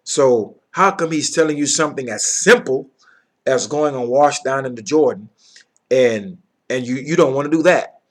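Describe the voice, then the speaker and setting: A man's voice: mid-range voice, lively intonation, moderate pace. A man teaching from the Bible, reading verses aloud and then explaining them in plain words, often checking in with his listeners.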